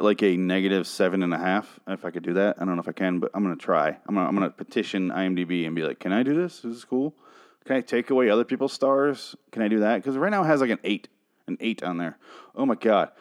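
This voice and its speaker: A man's voice: sits low, clear, resonant tone. A man ranting sarcastically and with lots of swearing while reviewing a TV episode in casual talk. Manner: profane, exasperated, sarcastic.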